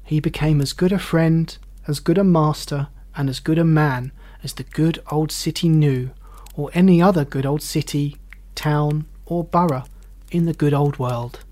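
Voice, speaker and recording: Expressive male storybook narrator. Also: on the high side. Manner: expressive, measured. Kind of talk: storybook reading aloud.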